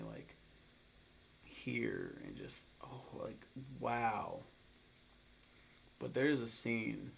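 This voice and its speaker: A young man with a gravelly voice chatting casually to camera, rambling, swearing freely and acting out scenes in quick voices. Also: on the low side, a little hiss or hum. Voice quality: gravelly fry. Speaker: YouTuber ranking movies. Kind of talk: casual vlog chat to camera. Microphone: camera mic, talking to camera.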